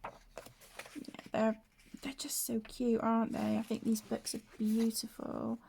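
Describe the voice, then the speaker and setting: A woman hosting a colouring vlog, soft-spoken and gushing, often dropping to a whisper, tired from broken sleep. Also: on the high side, monotone, unhurried, creaky, slight background noise. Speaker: colouring channel host. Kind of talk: casual show-and-tell vlog.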